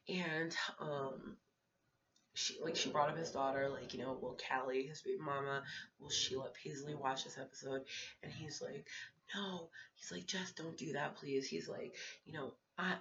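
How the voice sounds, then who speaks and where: A young woman recaps reality TV gossip in a casual, worked-up way, swearing freely and acting out the lines of the people she talks about. Her voice has a gravelly vocal fry. The home recording sounds dull and lo-fi, as if made on a built-in camera mic. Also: sits low. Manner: animated, emotional, swears freely, acts out quotes. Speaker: reality show fan vlogger. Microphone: built-in camera mic, no HD setup.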